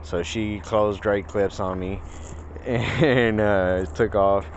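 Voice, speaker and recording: A man's voice: lowish voice, steady tone, slow pace, lo-fi sound, a little hiss or hum. A man telling a rambling story in a casual vlog, full of fillers, recorded on a phone outdoors by a pond. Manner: rambling, filler-heavy, retells dialogue in put-on voices. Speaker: vlogger.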